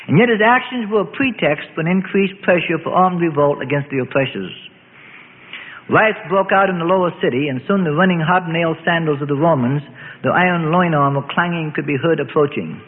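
A man reading a dramatic historical story aloud in a storytelling cadence. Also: fairly high pitch. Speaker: narrator. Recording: phone-like radio sound, long reverb.

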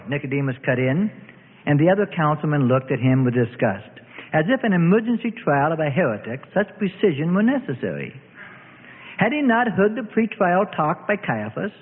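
A man narrating a story with an expressive reading. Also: a little high, fairly quick, slight background noise. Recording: tinny, reverberant phone-like audio.

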